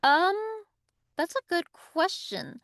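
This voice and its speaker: A young adult woman, a voice actress, chatting in an interview, lively and quick to laugh. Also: extremely high pitch, gravelly, no echo, studio quality. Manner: lively, laughing, reads aloud from notes. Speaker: voice actress guest. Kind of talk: casual interview chat.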